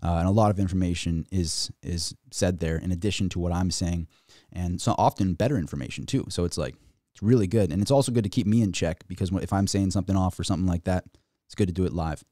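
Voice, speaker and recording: A man hosting a casual livestream and ranting about the markets, excitable and rambling, with many restarts. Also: sits low, fast talker, dry recording, studio quality. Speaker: finance YouTuber.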